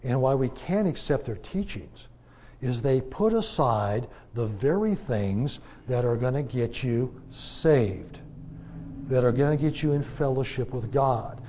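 A man teaching a Bible class in a conversational preaching style, asking rhetorical questions and pressing his points with emphatic swings in loudness. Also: mid-range voice, slight background noise.

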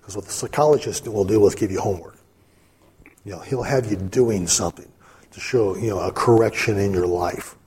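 A man teaches from the Bible in a relaxed, conversational sermon, dropping in fillers and asides as he goes. His voice sits low and a bit husky. The tone is mellow and warm. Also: brisk. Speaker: preacher.

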